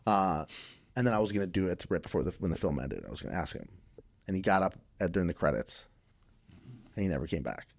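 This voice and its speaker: A man from Minnesota with a low, deep voice tells a story on a podcast. He talks casually and loosely, doubling back, restarting sentences and filling gaps with ums. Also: lively intonation, quick pace, creaky, slightly rough. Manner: rambling, many restarts and fillers. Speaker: podcast guest.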